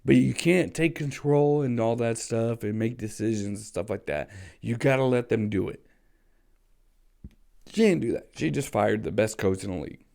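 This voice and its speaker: Creaky-voiced man ranting about football. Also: medium pitch, moderate pace, darkish tone. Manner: passionate, frustrated, repetitive emphasis. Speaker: sports vlogger. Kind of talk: solo opinion rant.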